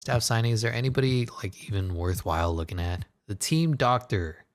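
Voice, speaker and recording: Guy with a lowish voice riffing over a basketball game, gets hyped, swears, laughs at his own jokes. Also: fairly quick. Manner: excitable, swearing, jokey asides and laughs. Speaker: gaming commentator. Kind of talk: casual gameplay commentary.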